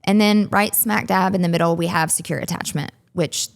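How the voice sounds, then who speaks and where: Patient woman with a soft Southern accent. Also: fairly low pitch, fairly even intonation, fairly quick. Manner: clear, patient, explanatory. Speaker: relationship coach and psychologist, guest. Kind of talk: explaining in an interview.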